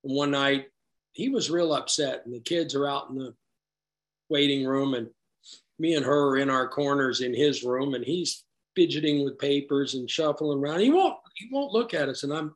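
A middle-aged man telling his own recovery story to a group in a rambling, conversational way, with self-deprecating, wry asides. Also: fairly high pitch. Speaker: recovery meeting speaker.

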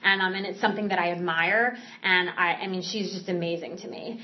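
A woman's voice: fairly low pitch, fairly even intonation, a little fast. A woman giving a candid personal recovery testimony, speaking earnestly with frequent fillers and restarts. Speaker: speaker sharing a recovery story. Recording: slightly dull, muffled recording.

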